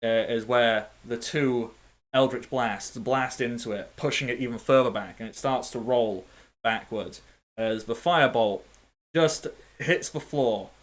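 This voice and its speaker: A man narrating as game master in a tabletop game, animated and playful, with sound effects. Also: mid-range voice, a little slow.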